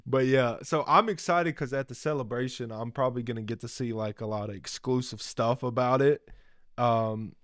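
A man's voice: medium pitch, moderate pace, no room sound, clean studio sound. A man co-hosting a casual podcast chat, laid-back, swearing freely and laughing often. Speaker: podcast co-host.

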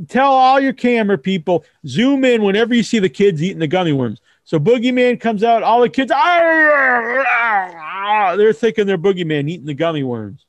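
A man hosting a casual wrestling talk show, rambling and profane, acting out kids in squeaky voices. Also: no echo. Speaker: host.

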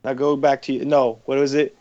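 A man's voice: mid-range voice, flat delivery, moderate pace, dark tone, muffled recording. A man, a podcast guest, chatting casually in a rambling, profane way with many fillers. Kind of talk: casual chat.

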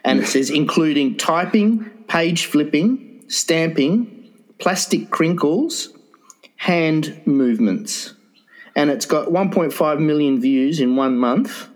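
Male co-host, jokey and halting, pitched a bit high. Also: animated, low-quality recording. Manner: jokey, hesitant with many fillers. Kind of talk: casual chat.

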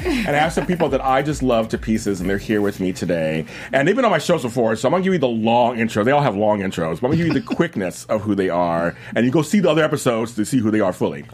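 A man in his fifties hosting a talk show, excitable and quick, often laughing. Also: medium pitch, a little hiss or hum. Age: 50s. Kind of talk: upbeat show host intro and guest roll call.

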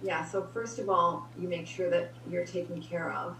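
A woman guest giving relationship advice in an energetic way, acting out example dialogue. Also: lowish voice, normal speed. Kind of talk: casual conversation. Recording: roomy, distant mic with faint hum.

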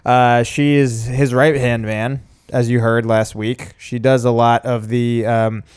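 A man's voice: mid-range voice, flat delivery, a little slow, a little mellow, clear, resonant tone, dry recording, studio quality. A man co-hosting a podcast, chatting casually and joking with fillers and asides. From Italian heritage. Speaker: podcast co-host.

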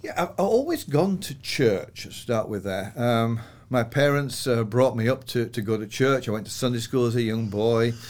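A man's voice: medium pitch, animated, moderate pace, few pauses, darkish tone. An older man from northern England with a Yorkshire accent, a podcast guest chatting about his life with fillers and easy laughs. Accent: Yorkshire English. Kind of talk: relaxed personal storytelling.

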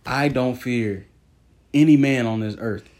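A man's voice: medium pitch, unhurried. A young man co-hosting a casual chat, telling family stories with lots of acted-out quotes. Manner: animated storyteller, acts out quoted voices. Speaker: podcast co-host.

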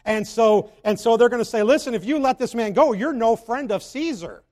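A man preaching a sermon who swings between loud, emphatic passages and low, slow scripture reading. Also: lively intonation, long reverb tail.

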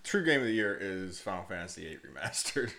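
A man's voice: deep voice, brisk, gravelly. A man chatting casually with friends on a podcast, swearing often and laughing as he tells stories. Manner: profane, laughing, animated storytelling. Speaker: podcast co-host. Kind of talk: casual chat among friends.

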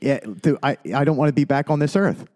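A man's voice: fairly high pitch, brisk, a little mellow. A man co-hosting a podcast, speaking in a heartfelt, rambling way and restarting his sentences when he gets emotional. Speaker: podcast co-host. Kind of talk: casual podcast chat.

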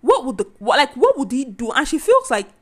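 A woman hosting a podcast, chatting casually in a loud, animated way. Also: sits high, brisk. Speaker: podcast host.

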